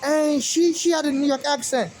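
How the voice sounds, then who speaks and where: High-voiced man with a Nigerian accent. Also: moderate pace, darkish tone, a little hiss or hum. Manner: agitated, rambling, many fillers and restarts. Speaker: activist vlogger. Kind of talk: monologue to camera.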